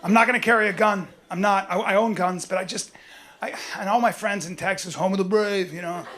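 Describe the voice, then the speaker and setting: Man, stand-up comedian, high voice, rambling animated storytelling, live stage audio with loud crowd noise. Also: fairly quick.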